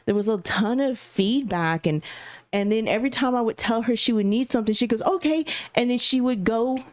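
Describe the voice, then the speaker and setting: A woman's voice: a little high, fairly quick, no echo. A young adult woman co-hosting a casual podcast chat, telling candid stories about her work calls and laughing often. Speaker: podcast co-host.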